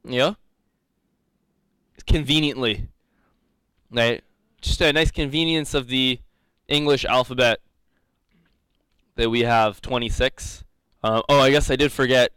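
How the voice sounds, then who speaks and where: A man's voice: medium pitch, fairly even intonation, slow pace, pauses often, a bit bright, clean tone, no room sound. A young man teaching a live coding lecture, rambling and joking, laughing often. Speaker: coding instructor.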